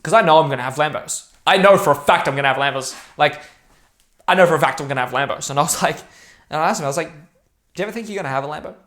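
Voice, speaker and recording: A man's voice: a little high, racing, fairly bright tone. A young man talking straight to camera in a rambling, profane, intense and emphatic monologue. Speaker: vlogger.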